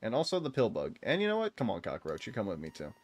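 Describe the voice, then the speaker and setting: A man's voice: fairly low pitch, wildly swooping pitch, rapid-fire. A young man streaming a game, chatting casually with viewers in a rambling, self-mocking way and laughing often. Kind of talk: casual gameplay chat with viewers.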